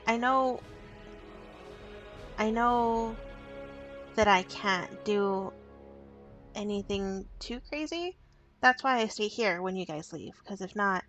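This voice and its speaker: A woman's voice: medium pitch, a bit bright, muffled recording. A woman voicing an earnest young woman who looks after her little brother, speaking sincerely and a bit pleadingly in a role-play.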